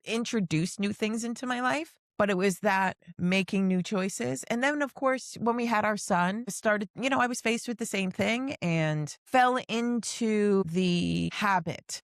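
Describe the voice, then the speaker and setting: In a mid-range voice, a little slow and with few pauses, a middle-aged woman hosting a podcast recounts long personal stories. The casual conversation is earnest, emotional and heartfelt, captured in a dry, studio-quality recording.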